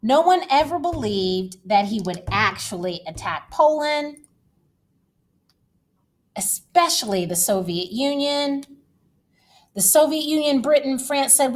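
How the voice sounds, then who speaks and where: A woman teacher giving a recorded history lecture, lively and dramatic, speaking straight to her students. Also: high-pitched, slow.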